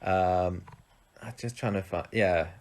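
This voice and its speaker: A man's voice: low-pitched, steady tone, slow pace. A man co-hosting a casual chat, enthusiastic and self-mocking as he clicks through old fan websites. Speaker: co-host.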